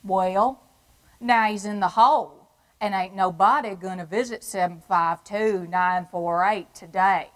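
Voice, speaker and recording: A woman's voice: medium pitch, measured pace, lightly acted, low-quality recording. A brassy, wisecracking Texan wife of an inmate, acted by a woman in a theatrical monologue. She has a folksy drawl and a tough, no-nonsense delivery. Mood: brash. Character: brash, wisecracking Texan woman with a husband in prison. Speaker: performer.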